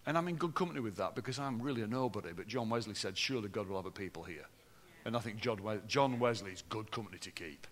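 Bright-voiced preacher man in an echoing hall. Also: fast talker, hardly any pauses. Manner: swings from loud and lively to low and hushed. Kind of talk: sermon. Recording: long hall reverb.

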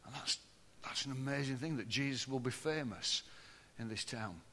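A man preaching a sermon to a congregation, swinging between loud, lively passages and low, hushed ones. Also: normal speed. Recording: long hall reverb.

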